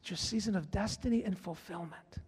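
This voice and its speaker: A man's voice: sits high, a little fast, husky. A male pastor preaches with fervor, driving his points home through repetition and direct call-outs to the church. His voice sits a little above the usual male range. A long reverb from the church hall trails behind every phrase. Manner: fervent preaching, repeats phrases, calls out to the congregation. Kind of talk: sermon.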